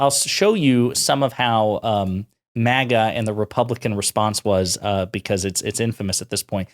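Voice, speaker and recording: Chatty sarcastic man commenting on politics. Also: fairly low pitch. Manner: chatty, sarcastic, with frequent fillers.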